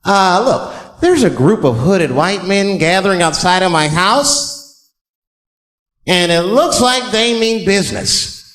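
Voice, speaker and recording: A man voicing an oddly calm male emergency caller who speaks in a breezy, casual way, recorded in a large hall with a live crowd. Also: high voice, slow, heavily acted.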